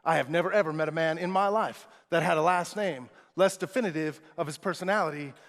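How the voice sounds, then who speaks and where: A man who is a motivational speaker, giving an energetic, emphatic keynote speech in a large conference room. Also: a little high, a little fast. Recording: echoey large hall.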